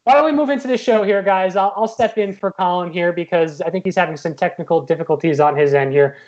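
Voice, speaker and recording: A man's voice: sits high, quick pace, a little mellow, highs cut off. A man co-hosting a casual podcast as a meteorologist over a video call, easygoing and stopping to restart his sentences. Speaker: co-host and meteorologist.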